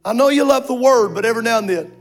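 A man preaching a sermon to a congregation in a church, impassioned and rising to shouts on drawn-out words. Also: very high-pitched, expressive. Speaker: pastor.

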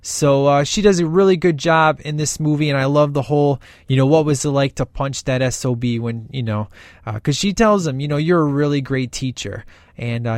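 A man chatting about a film in a loose, enthusiastic ramble, full of ums and asides. His voice sits at an ordinary middle pitch. The sound is dry and close, with no room around it. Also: no echo. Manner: rambling and enthusiastic, many fillers. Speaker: podcast host reviewing a film. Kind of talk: casual movie commentary.

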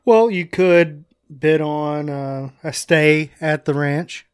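A man's voice: a little high, fairly even intonation, slow, clear, resonant tone, no echo, studio quality. A man co-hosting a podcast, reading out listener questions and joking around in casual banter. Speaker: podcast co-host.

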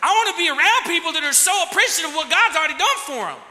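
A man preaching a sermon as pastor, repeating key phrases and rising to loud, impassioned exclamations. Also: very high voice, big pitch swings, rapid-fire, reverberant.

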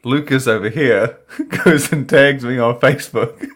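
A man's voice: medium pitch, unhurried, fairly bright tone, husky. A man co-hosting a casual podcast, telling an anecdote with lots of swearing. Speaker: podcast co-host. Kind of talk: casual storytelling among friends.

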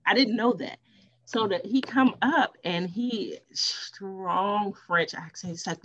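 A woman's voice: medium pitch, slow, muffled recording, crowd noise. A woman in her thirties chatting casually on a podcast, telling stories and acting out the voices of people she quotes. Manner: animated, acts out quoted voices. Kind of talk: casual storytelling chat.

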